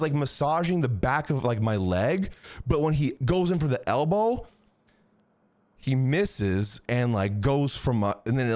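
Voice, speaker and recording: A streamer talks to his live chat through a close desk mic in a dry, echo-free recording. His pitch swings widely as he tells a crude story, swearing freely in a casual, animated way.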